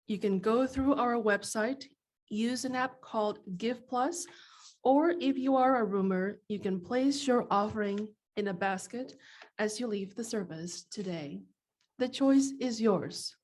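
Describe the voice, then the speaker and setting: A woman reading a church offering announcement in a measured, clear, deliberate way. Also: a little high, a little mellow.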